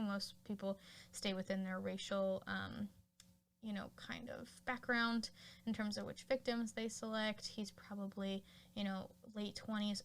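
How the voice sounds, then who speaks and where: A woman hosting a podcast, casually retelling a film's plot with lots of fillers. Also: mid-range voice. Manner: chatty, full of fillers like "like" and "you know". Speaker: podcast host. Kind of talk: casual film recap.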